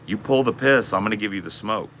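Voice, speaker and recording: A man's voice: on the low side, fast talker, a bit bright, slight background noise. Brash, trash-talking male streamer. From US West Coast. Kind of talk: casual livestream rant.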